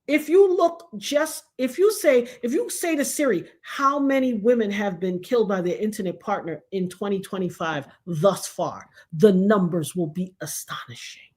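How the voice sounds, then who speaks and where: A woman's voice: medium pitch, moderate pace, few pauses, a little mellow. A middle-aged woman, hosting a casual livestream chat and telling stories animatedly, acting out the voices of the people she quotes. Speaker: show host.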